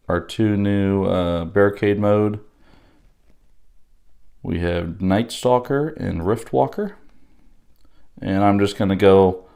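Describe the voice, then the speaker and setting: A man with a fairly low voice, a little hoarse yet still smooth and resonant underneath. He walks through an unboxing in an unhurried, halting way, with frequent pauses and fillers. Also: darkish tone. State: slightly hoarse from losing his voice. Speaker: board game unboxing host. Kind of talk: casual unboxing walkthrough.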